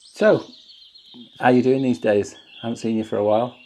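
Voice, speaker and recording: In a casual vlog shot on his phone, a camper shows off his back-garden setup outdoors, chatty, jokey and full of enthusiasm. He speaks at a moderate pace with a medium, darkish voice and fairly even intonation.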